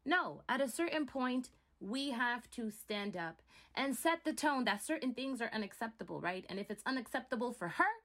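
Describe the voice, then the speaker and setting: This Montreal woman vlogs her opinions emphatically, constantly tossing in "right?" to check in with viewers. Her fairly high, fairly bright voice is expressive, and she talks at a moderate pace.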